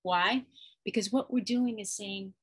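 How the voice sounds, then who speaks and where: A woman hosting a channel, teaching parents a technique in an expressive way and acting out parent and child. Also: medium pitch, unhurried, slightly rough, rough recording. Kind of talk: instructional talk to camera.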